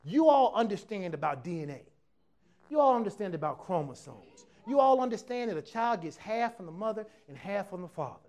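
During a church service, a pastor with a notably high voice preaches a lively, animated sermon at a brisk pace. Relaxed and casual, he keeps acting out other people's voices and swings between quiet asides and loud, emphatic points.

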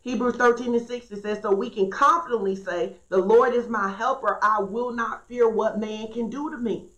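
A woman's voice: on the high side, steady tone, normal speed, a bit bright, dull audio. A woman pastor preaching an earnest, emphatic sermon and reading scripture aloud. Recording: echoey room.

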